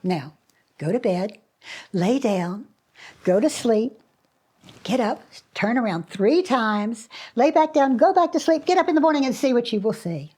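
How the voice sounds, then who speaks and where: A woman voicing a patient fairy who gives slow, sing-song instructions. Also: a little high, lively intonation, a little mellow.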